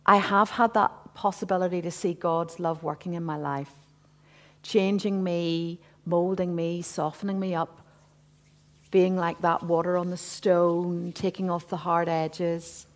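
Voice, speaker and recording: Woman in her fifties giving a church testimony, lowish voice, earnest and chatty with lots of asides. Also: flat delivery, a little slow. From Northern Ireland. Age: 50s. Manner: earnest, conversational, with frequent asides and restarts. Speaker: church speaker. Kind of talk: personal testimony talk to a congregation. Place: church hall.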